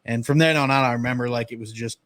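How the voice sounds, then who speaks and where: A man in his thirties from the northern United States, telling relaxed childhood stories in a casual podcast talk. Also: mid-range voice, no room sound. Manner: relaxed storytelling, drawn-out memories. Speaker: podcast host.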